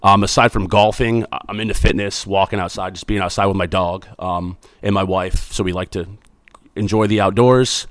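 A man's voice: low voice, steady tone, moderate pace, dry recording. A man in his thirties, a school principal, answering student questions in a chatty, upbeat, joking way. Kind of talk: casual interview answers.

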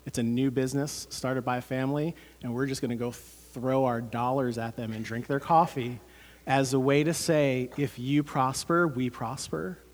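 A man's voice: mid-range voice, fairly even intonation, moderate pace. A man, preaching a sermon as pastor, earnest and conversational with many fillers.

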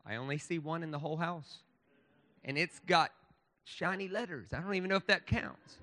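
A man with a high, ringing voice preaches a sermon. He is emphatic and restarts his phrases often. His voice carries a long reverb from a church sanctuary. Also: moderate pace, pushed and bright. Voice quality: emphatic, with lots of stammered restarts.

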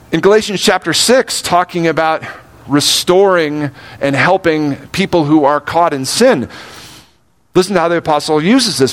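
An older man preaching a sermon, earnest, slowing down to stress key words and speeding up for asides. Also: fairly high pitch. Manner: earnest, shifts between slow emphatic phrasing and quick asides. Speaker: pastor.

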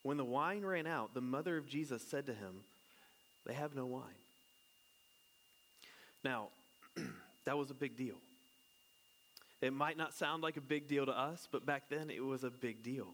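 A man's voice: mid-range voice, measured pace, long pauses, a bit bright. Chatty, joking man preaching. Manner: chatty and joking, asks the congregation questions. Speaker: pastor. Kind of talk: casual conversational sermon.

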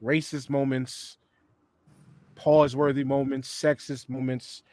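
A man hosting a podcast, relaxed as he steers the talk to the next topic. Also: medium pitch, slow, no room sound. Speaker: podcast host.

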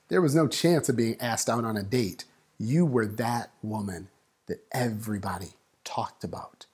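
A man preaching a sermon, building up and dropping to a hush, acting out voices in the story. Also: mid-range voice, husky. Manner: dynamic preaching, swings from loud to hushed. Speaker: pastor.

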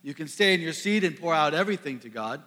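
A pastor from the Midwest preaching a sermon to a congregation, earnest, building to emphatic peaks and dropping soft. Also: male voice, on the high side, expressive, quick pace. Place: church sanctuary. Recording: long reverb of a large hall.

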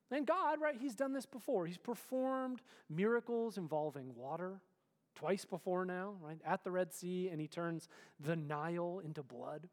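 A man's voice: high-pitched, in a large hall. A man preaching a sermon in a conversational way, often asking "right?" and sometimes dropping to a near whisper. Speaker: pastor.

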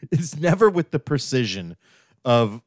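A man's voice: mid-range voice, very animated, slow pace, no echo, studio quality. A man co-hosting a casual podcast, joking, rambling and laughing often. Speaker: podcast co-host. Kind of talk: casual banter.

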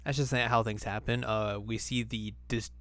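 A man's voice: lowish voice, level tone, moderate pace, fairly bright tone, slight background noise. Joking man hosting a podcast. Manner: joking, recaps animatedly. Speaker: podcast host. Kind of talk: casual chat.

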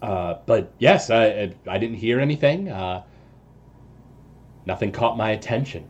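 A man playing a nervous, deferential house servant with a lowish voice, stumbling over his words and answering politely to every question. He keeps his speech formal and halting, full of hesitations, as in a tabletop role-playing game. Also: a little mellow, breathy edge, dull audio. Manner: hesitant, formal, many "uh"s and "sir"s. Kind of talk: voicing a character in a tabletop game.

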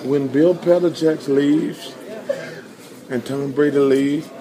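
A man's voice: on the high side, steady tone, takes it slowly. A man answering a street interviewer, teasing and brash, calling another team's fans spoiled. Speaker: interviewed fan. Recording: played clip with crowd noise.

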